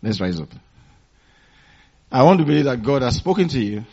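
A pastor with a mid-range, darkish, husky voice preaches at a normal speed, very animated, calling out phrases for the congregation to finish and chuckling through his stories. The recording is dull and lo-fi.

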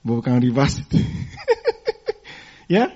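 Husky and animated, this pastor preaches slowly at a medium pitch, prompting the congregation to complete his phrases and telling stories with chuckles. It's a dull lo-fi recording.

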